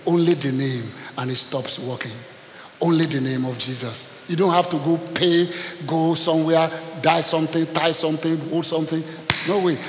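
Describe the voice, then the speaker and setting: A man's voice: fairly high pitch, fairly even intonation, moderate pace. A middle-aged man preaching to a congregation, calling for responses and telling stories. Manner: call-and-response preaching, storytelling. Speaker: pastor. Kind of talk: sermon. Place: church hall. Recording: echoey hall with hiss.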